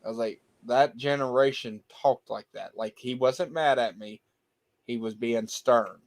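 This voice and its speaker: Brief: male co-host, mid-pitched, easygoing anecdote teller. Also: unhurried. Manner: storytelling, laughs easily. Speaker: podcast co-host. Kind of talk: casual chat.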